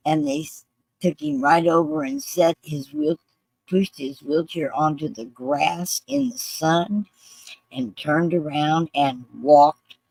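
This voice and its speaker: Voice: mid-range voice, vocal fry, no room sound, low-quality recording. A speaker earnestly retelling a personal story with quoted voices.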